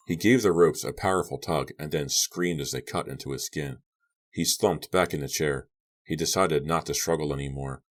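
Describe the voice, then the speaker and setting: A man narrating a horror novel for an audiobook with an extremely deep, low voice. He reads in a subdued, even way. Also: normal speed.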